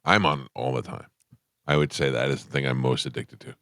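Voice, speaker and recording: Man, radio host, very low voice, dry studio sound, casual rambling. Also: fairly quick, fairly bright tone, dry recording. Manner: rambling storyteller, laughs easily. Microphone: studio microphone.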